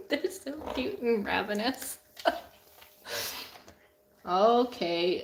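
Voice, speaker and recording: Young woman, easygoing live-stream host; slow, giggly, filler-heavy chat, roomy home camera sound. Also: mid-range voice, a little hiss or hum. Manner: chatty, giggly, lots of "like" fillers. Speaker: artist hosting a live Q&A. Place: at home with her cats. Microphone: camera on a desk.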